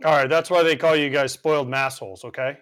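A man's voice: medium pitch, fairly even intonation, fast talker, a bit bright. A man hosting a podcast, talking brashly with profane ribbing in casual chat.

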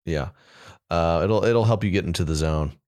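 A man hosting a podcast, chatting casually and telling animated stories. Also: low voice, moderate pace, a little hiss or hum. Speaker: podcast host. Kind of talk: casual chat.

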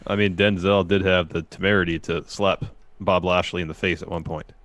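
A man's voice: low voice, little pitch movement, brisk, a bit bright, dry recording. A laid-back man co-hosting a casual wrestling podcast with wry remarks. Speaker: podcast co-host. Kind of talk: casual wrestling recap chat. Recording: noisy background hiss.

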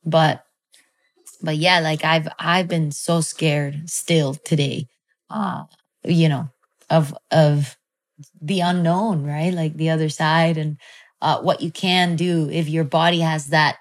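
A woman with a slightly low voice tells a personal story in a casual, animated way. She talks loosely, with plenty of fillers and restarts. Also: slow pace. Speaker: guest telling a personal story.

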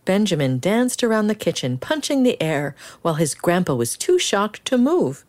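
A woman reading a children's picture book aloud in an expressive, animated storytelling style. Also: medium pitch, normal speed, few pauses.

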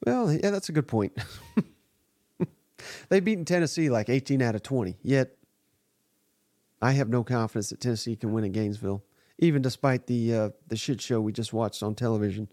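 Male podcast host, mid pitch, dry close-miked sound, blunt and exasperated, swears freely. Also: fairly quick, long pauses, mellow, dry recording. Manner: blunt, exasperated, profane commentary. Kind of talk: live sports reaction podcast.

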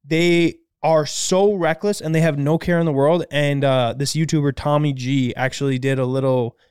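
A man co-hosting a podcast, telling a story in a lively, casual way and swearing freely. His voice sits a little high and comes across smooth and clear. It is recorded dry and close on a studio mic. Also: moderate pace, dry recording. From Minnesota. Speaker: podcast co-host.

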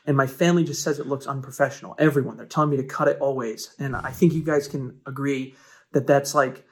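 A man's voice: medium pitch, fairly even intonation, fast, breathy edge. A man in his twenties leaving a recorded question for a podcast, earnest and a bit hesitant. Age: 20s. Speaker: caller.

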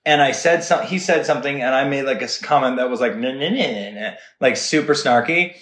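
An animated man in casual podcast conversation, earnest and quick, tossing "right?" into his points. His voice sits at a middle pitch, and the sound is roomy, with echo around it. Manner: earnest, animated, talks fast with many "right?" asides. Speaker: guest.

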